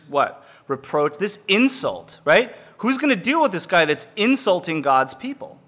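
A bright, ringing male voice preaches to a room full of listeners. He moves between reading old scripture and quick, casual paraphrase, and he often pauses so the audience can call out the missing word. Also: a little high. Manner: animated, conversational, asks the audience to fill in words. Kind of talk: sermon reading and explaining scripture.

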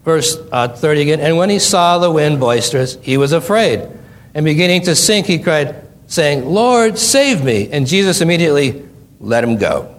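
A man's voice: a little high, expressive, normal speed. A middle-aged man preaching a Bible study, reading scripture aloud and stopping to quiz his listeners with folksy, joking asides. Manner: reads scripture then asks the listeners questions.

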